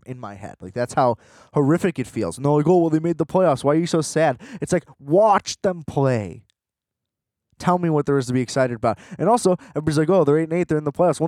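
A man rants about football in a casual podcast, frustrated and profane, circling back with lots of "you know" fillers. His voice sits a little high for a man. The sound is dry and close, with no room around it. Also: a little mellow, no echo. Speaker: sports podcast host. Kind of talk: casual sports rant.

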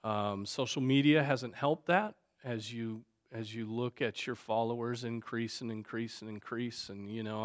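A male pastor teaching a Sunday school class at an unhurried, deliberate pace. His voice sits at an ordinary middle pitch. He talks conversationally, with frequent fillers and tag questions. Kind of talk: unscripted Bible class teaching.

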